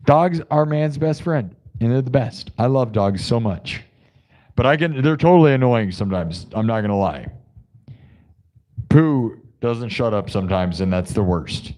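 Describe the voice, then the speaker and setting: A man hosting a live music stream, joking and rambling casually, now and then breaking into loud shouts. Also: mid-range voice, lively intonation, a little slow.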